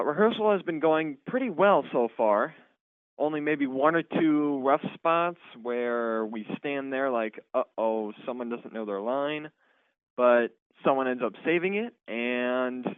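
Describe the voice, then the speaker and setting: A teenage boy, a high school student actor, answering interview questions with some hesitation and filler words. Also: expressive, unhurried, smooth, no room sound. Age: teens. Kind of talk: phone interview. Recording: tinny phone line.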